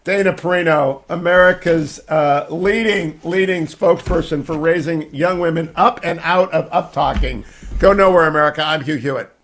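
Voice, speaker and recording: A man's voice: fairly high pitch, moderate pace, a bit bright. A man in his sixties hosting talk radio, joking and bantering with a guest. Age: 60s. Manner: jokey and bantering. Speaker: radio host.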